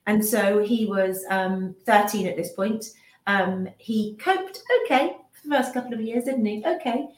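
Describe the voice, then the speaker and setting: A woman's voice: medium pitch, unhurried. Woman in her fifties, echoey room. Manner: emotional, restarts sentences, acts out remembered speech. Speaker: business owner and mother, interview guest. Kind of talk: candid personal account in an interview. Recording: roomy echo.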